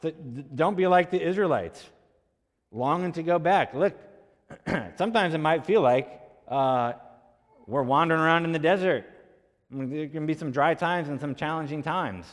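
In a church sanctuary with long hall reverb, a man with a somewhat high voice preaches at a normal speed. As pastor, he tells a story in a conversational style and performs the quoted voices.

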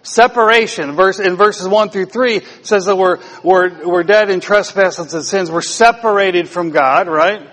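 Pastor, male, slightly higher voice, teasing interactive sermon style, long church reverb. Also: unhurried, hardly any pauses, a bit bright. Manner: playful, quizzes the congregation.

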